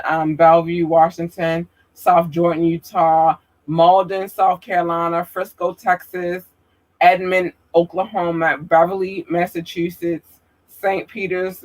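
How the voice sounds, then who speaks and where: A woman podcast host works through a long list of listener towns at an unhurried pace. She says each place name carefully and apologizes when she thinks she got one wrong. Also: fairly low pitch. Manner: slow, careful, apologetic about pronunciation. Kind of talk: reading out listener locations.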